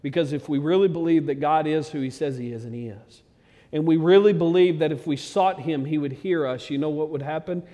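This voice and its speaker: A man preaching a sermon, talking plainly to his flock, then building to loud, excited peaks. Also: on the high side, fairly quick, long reverb tail. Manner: conversational preaching that swells to loud, excited climaxes. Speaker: pastor.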